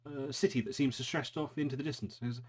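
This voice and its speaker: A man narrating a tabletop game as game master, halting with frequent ums. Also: medium pitch, steady tone, husky. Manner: hesitant, many ums and restarts.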